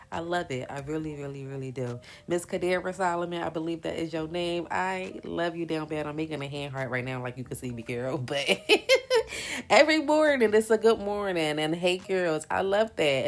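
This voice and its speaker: A young woman chatting casually to her viewers while she works on press-on nails, talking in a colloquial, friendly way. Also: deep voice. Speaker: nail business vlogger.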